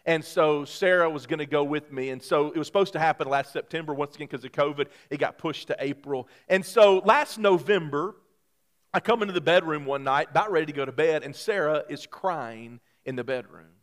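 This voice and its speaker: A man preaching as a pastor, praying and telling a self-mocking family story in an animated way. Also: fairly high pitch, a little fast. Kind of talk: sermon. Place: church sanctuary.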